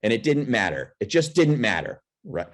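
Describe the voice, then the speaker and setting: A man's voice: medium pitch, big pitch swings, moderate pace. A man hosting a live coaching call on video, giving an encouraging pep talk in a repetitive, restarting way. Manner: repeats and restarts phrases, pep-talk manner. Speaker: host of a mortgage coaching call.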